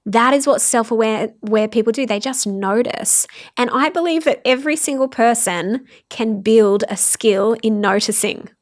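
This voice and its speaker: A woman's voice: fairly high pitch, moderate pace, few pauses. A woman hosting a workplace advice podcast, talking in a candid, chatty way and often laughing at herself. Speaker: podcast host. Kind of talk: casual advice chat.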